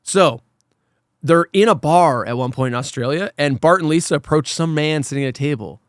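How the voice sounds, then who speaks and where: A man hosting a casual podcast chat who talks in an animated, ranting, profane way. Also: fairly high pitch, brisk, dry recording, clean studio sound. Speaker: podcast host.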